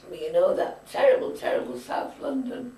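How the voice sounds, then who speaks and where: A woman's voice: a little high, lively intonation, normal speed, warm tone. Elderly woman, chatty storyteller with firm opinions; echoey home-video sound, distant mic. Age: older. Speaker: grandmother being interviewed. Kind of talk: reminiscing casual chat. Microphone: camcorder mic. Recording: echoey room, far from camcorder mic.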